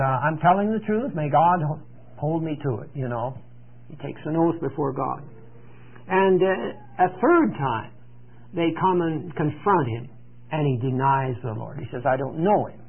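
A man leading a Bible study, retelling scripture in a conversational way with many pauses and fillers, heard through a radio broadcast. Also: medium pitch, husky. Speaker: Bible teacher. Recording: tinny radio broadcast sound.

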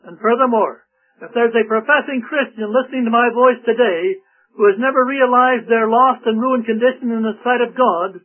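A man's voice: extremely high pitch, moderate pace. A man preaching a radio sermon in an earnest, emphatic manner. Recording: tinny lo-fi radio broadcast.

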